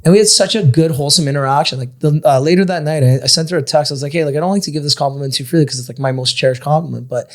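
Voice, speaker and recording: A young man chatting as a podcast guest, telling animated stories with frequent swearing and filler words. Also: on the high side, racing, hardly any pauses. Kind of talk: casual chat.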